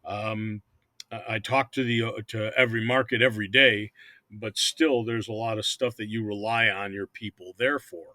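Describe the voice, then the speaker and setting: Bright-voiced older man, rambling owner talk. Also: lowish voice, fairly even intonation, moderate pace, no room sound. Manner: rambling, repeats words often. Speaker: hockey team owner. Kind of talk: casual interview chat.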